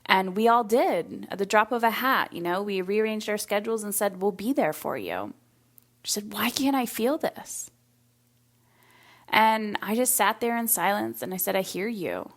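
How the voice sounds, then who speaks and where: A woman's voice: mid-range voice, lively intonation, moderate pace. A woman hosting a solo podcast in a casual, reflective way, acting out the voices of people she quotes. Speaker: podcast host.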